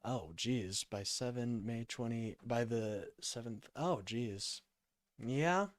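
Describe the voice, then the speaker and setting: Brief: tired man hosting a call-in stream, smooth voice, dry close sound, rambling and apologetic. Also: mid-range voice, slow pace, dry recording. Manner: rambling, apologetic, reads chat aloud. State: sleepy, yawning. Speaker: livestream call-in host. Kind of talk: casual livestream chat.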